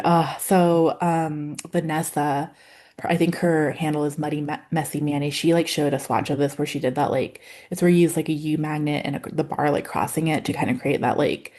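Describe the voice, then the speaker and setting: Low-voiced woman chatting about nail polish. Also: a little mellow. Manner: rambling, filler-heavy, openly emotional. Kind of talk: casual chat reviewing nail polish.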